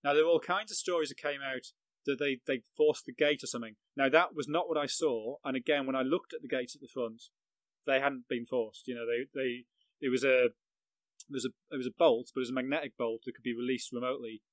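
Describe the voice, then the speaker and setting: A middle-aged Englishman, a football journalist appearing as a podcast guest, vividly recounts a match he covered, mocking himself and laughing at his own story. His mid-pitched voice is fairly even and a little fast, captured in a dry, low-quality recording.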